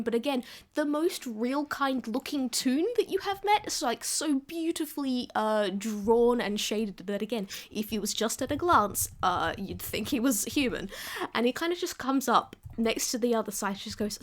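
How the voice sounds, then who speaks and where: A woman's voice: a little high, lively intonation, moderate pace. A woman running a tabletop game as game master, narrating with giggles and casual swearing.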